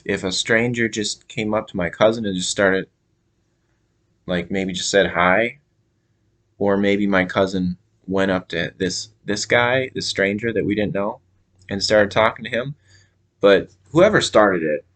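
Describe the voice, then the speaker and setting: A young man from Minnesota telling a casual story to camera, halting with many fillers and restarts. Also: sits low, fairly bright tone. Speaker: vlogger.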